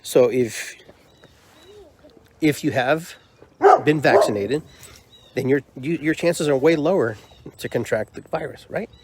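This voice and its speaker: Heavy background noise sits under a man's mid-range voice as he speaks a little slowly, with long pauses. He's the host of his own podcast and a drum circle leader, venting in a frustrated monologue built on repeated rhetorical questions.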